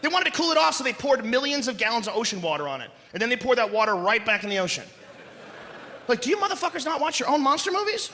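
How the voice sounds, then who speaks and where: A man doing a profane, animated stand-up comedy set, often shouting and acting out voices on a large live stage. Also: very high-pitched, fast talker, a little hiss or hum. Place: large live venue with audience. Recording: live stage recording with long hall reverb.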